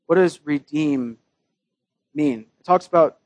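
A man's voice: fairly high pitch, big pitch swings, takes it slowly, creaky, no room sound. A man preaching a sermon in a casual, joking way, with his own scripture readings mixed in. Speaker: pastor.

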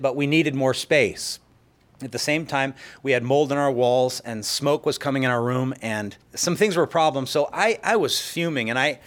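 A middle-aged man preaching a sermon, telling personal stories and acting out quotes of what people said. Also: mid-range voice. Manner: storytelling with acted-out quotes. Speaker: pastor.

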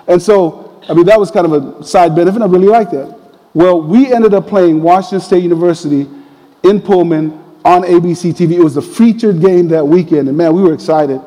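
A man preaching a sermon, telling a personal story in a conversational, animated way. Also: sits high, a little fast, big-room sound, rough recording. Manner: conversational, animated retelling with quoted voices.

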